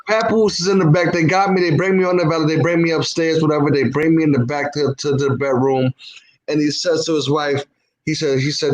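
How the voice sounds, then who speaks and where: A man's voice: a little high, fairly even intonation, fairly quick, poor audio. A man telling a long story in casual chat, full of swearing and stopping often on "whatever". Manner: profane, peppers speech with "whatever". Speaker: podcast co-host.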